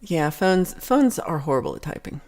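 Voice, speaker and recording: A woman's voice: deep voice, very animated, normal speed, a little mellow. A woman hosting a livestream, chatting casually and reading out viewer comments in a rambling, chatty way. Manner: rambling, chatty, frequent restarts and laughs. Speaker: livestream host.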